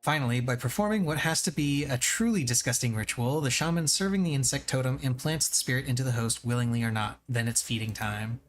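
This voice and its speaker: A man's voice: mid-range voice, a little fast, hardly any pauses, faint music behind, close to an everyday voice. A man voicing a wry, knowing male expert in a video game, explaining at length with dry humor.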